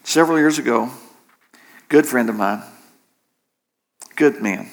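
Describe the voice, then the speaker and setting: A man's voice: mid-range voice, a little slow, creaky. A man preaching a sermon in an impassioned way, repeating phrases for emphasis. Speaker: pastor.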